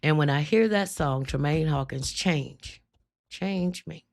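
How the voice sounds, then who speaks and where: A woman hosting a live stream, telling her testimony with emphatic, drawn-out storytelling and frequent laughter. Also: sits low, creaky. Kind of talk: spoken testimony to a live chat.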